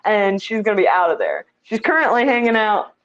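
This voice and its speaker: A woman's voice: medium pitch, big pitch swings, fairly quick, dull audio. A woman giving a casual tour of the fish tanks in her home, chatty and self-deprecating, laughing easily.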